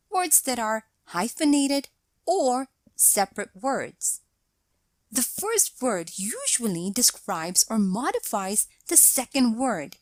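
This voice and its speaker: Woman grammar teacher for a scripted lesson, slow and measured, bright-ish higher voice, dry close sound. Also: dry recording. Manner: measured, explanatory delivery reading out example sentences.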